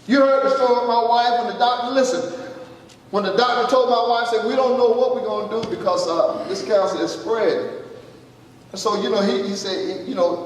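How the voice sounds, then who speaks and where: A man's voice: high voice, far from the mic. A man preaching a sermon as pastor, emphatic and conversational, calling out to the congregation. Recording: echoey hall, mic from afar, faint noise.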